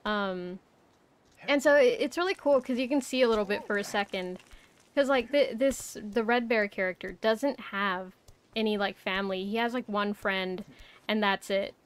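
Smooth-voiced young woman streamer, rambling. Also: medium pitch, normal speed. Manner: rambling, swears a lot, many "like" fillers. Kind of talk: casual live-stream chat.

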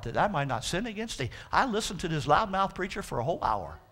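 A man's voice: high-pitched, very animated, fast, few pauses, a bit bright. A male pastor preaching a fervent sermon, stretching out his quotes of scripture for emphasis.

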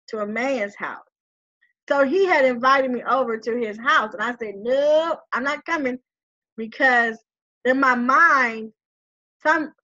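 A woman telling a personal story in a lively way. She laughs often and acts out the voices of the people in it. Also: fairly high pitch, highs cut off. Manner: animated, laughing often, acting out quoted voices.

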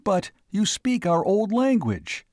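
A man's voice: fairly high pitch, sing-song, a little slow, darkish tone, dry recording, studio quality. A man voicing a bewildered, incredulous present-day man questioning strangers from the stars. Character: staggered male leader from present day.

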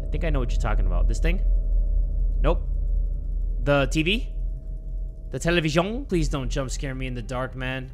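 A young man playing a horror game and commentating, joking, swearing and yelling when startled. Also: mid-range voice, moderate pace, pauses often, slight background noise. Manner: excitable, joking, profane, yells when startled. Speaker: gaming video host. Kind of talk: let's play commentary.

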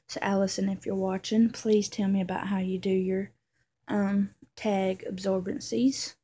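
A woman in a casual unboxing vlog, gushing and emotional, often dropping to a soft whisper, with many ums. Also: mid-range voice, level tone, unhurried, slightly rough. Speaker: vlogger.

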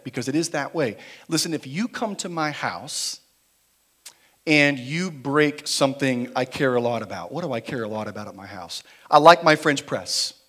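A man preaching a sermon in a church, moving between quiet, slow emphasis and louder, driven passages. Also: a little high. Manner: dynamic preaching, shifting between quiet emphasis and raised intensity. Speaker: pastor. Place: church sanctuary.

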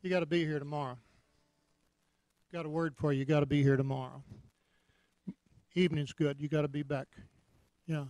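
Folksy Texan preacher, higher voice. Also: male voice, little pitch movement, normal speed, pauses often, darkish tone, dry recording. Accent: Texas. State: hot and sweating. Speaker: visiting minister. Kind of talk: sermon and offering appeal.

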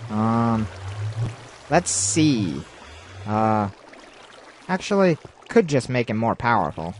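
A man giving rambling gameplay commentary, talking to himself with excitable outbursts. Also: mid-range voice, a little hiss or hum. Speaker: let's play host.

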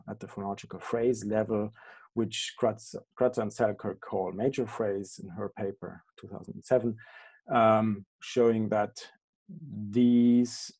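A man giving an academic lecture over slides on an online call, halting often with ums and correcting himself mid-phrase. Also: fairly low pitch, creaky, a little mellow, slightly rough. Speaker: guest lecturer.

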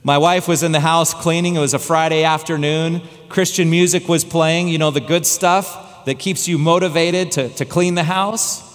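A high-pitched man delivers a sermon from the pulpit, spinning a personal story with dramatic pauses. His voice slows and drops low for the tense parts. The sound carries the long reverb of a church sanctuary. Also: steady tone. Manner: dramatic, slowing and dropping low for tense moments. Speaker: guest pastor.

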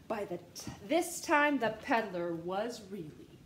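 A woman reading a picture book aloud to children in a playful way, pausing to ask her listeners questions. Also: mid-range voice, expressive, reverberant, slight background noise. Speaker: storytime reader.

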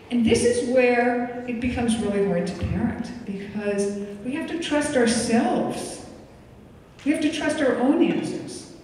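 A woman in her sixties, a psychiatrist giving a relaxed, conversational parenting lecture, slipping into the voices of the parents and children she quotes. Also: high voice, a little slow. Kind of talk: lecture to an audience. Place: lecture hall. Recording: echoey hall from far off, faint noise.

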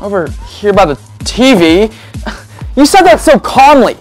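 Woman as a jumpy, exclamatory adventurer host, lively pitch. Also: unhurried, faint music behind. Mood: frantic. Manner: frantic, exclamatory. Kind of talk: children's church skit.

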